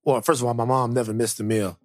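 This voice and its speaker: A man co-hosting a podcast in a casual comedic chat, telling lively stories and acting out voices. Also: mid-range voice, fast talker, no room sound, studio quality. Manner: animated storyteller, acts out voices. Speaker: podcast co-host.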